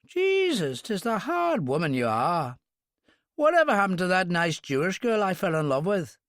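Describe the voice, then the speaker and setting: A man's voice: sits high, big pitch swings, moderate pace, a bit bright, no room sound, clean studio sound, pitched above the performer's own voice, heavily acted. A man voicing a wry Irishman with a Northern Irish accent who teases in a flowery brogue, in an audiobook. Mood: teasing. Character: wry Ulster Irishman, cheeky gunman.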